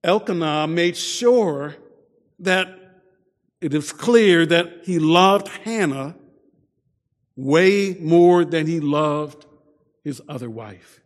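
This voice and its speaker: A man preaching a sermon, often repeating his first words and dropping to a soft voice for emphasis. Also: on the high side, very slow, pauses often, in a large hall. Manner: repeats words at starts, soft dramatic drops.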